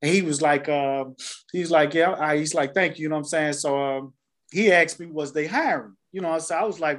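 A man's voice: a little high, fairly quick, fairly bright tone. A man co-hosting a casual podcast who tells stories in a loose, meandering way. He swears freely and fills his talk with "man" and "you know.". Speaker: podcast co-host. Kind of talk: casual storytelling chat.

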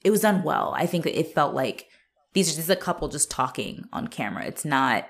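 A woman's voice: sits low, lively intonation, a little fast. A woman co-hosting a casual movie chat, talking loosely with many fillers and swearing. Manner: chatty, filler-heavy, profane, laughs often. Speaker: podcast co-host.

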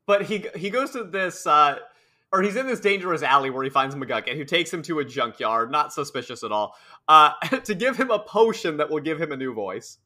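A man with a bright, slightly high voice recaps a cartoon episode in casual podcast chat. He summarizes steadily and teases his co-host dryly. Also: moderate pace. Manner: steady summarizing, dry teasing.

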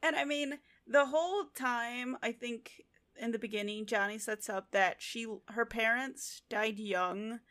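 An American woman co-hosts a casual book podcast in a fairly high, bright voice. She teases and jokes in quick back-and-forth banter. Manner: teasing, joking banter. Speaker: podcast co-host.

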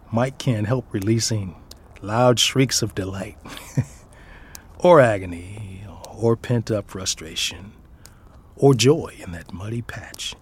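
A man's voice: fairly low pitch, slight background noise. A father reading his own personal essay aloud in a reflective way, often dropping into a near whisper.

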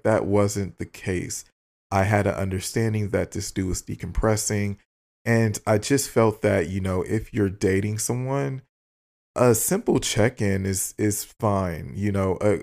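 A young man with a low, gravelly voice tells a story on his podcast in a loose, candid monologue. He swears freely and plays out both sides of his text exchanges. His delivery is casual and unscripted. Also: a little mellow. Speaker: podcast host.

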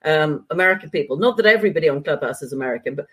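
A middle-aged woman from the UK with a standard British accent, a former journalist chatting as a guest, chatty and quick to laugh. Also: sits low, expressive, a bit bright, slightly rough. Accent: standard British (BBC English). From United Kingdom. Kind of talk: casual interview chat.

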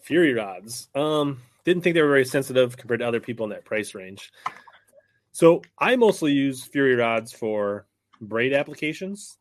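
A man hosting a casual podcast chat, talking in a relaxed, hedging way with many fillers. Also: medium pitch, moderate pace. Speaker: podcast host.

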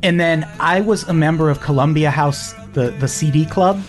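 A man's voice: on the high side, normal speed, soft background music. A man hosting a casual podcast chat, telling profane stories and laughing often. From United States. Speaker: podcast host.

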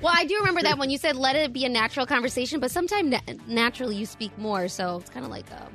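A female radio co-host with a high, lively voice, teasing the others and laughing easily. Music plays clearly underneath her. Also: very fast. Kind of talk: casual chat.

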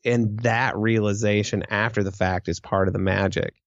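A man's voice: on the low side, steady tone, moderate pace, dry recording, muffled recording. A man co-hosting a podcast, earnest and rambling, poking fun at himself. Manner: earnest, rambling, self-deprecating. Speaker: podcast co-host. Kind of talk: casual podcast chat.

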